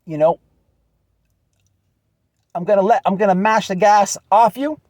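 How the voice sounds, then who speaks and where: A man with a drawl speaks straight to one person in an earnest, repetitive way, circling back to the same points. His voice sits high for a man, and the sound is dry and close with no room around it. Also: a little slow, darkish tone, no room sound. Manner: earnest, repetitive, calls listener "man" often. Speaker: channel host. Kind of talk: direct address video message.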